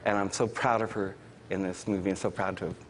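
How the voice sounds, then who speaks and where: A man who is a guest on a talk show, telling funny stories in an animated way and jumping into high squealing punchlines. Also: fast, a little hiss or hum. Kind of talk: comic storytelling on a talk show.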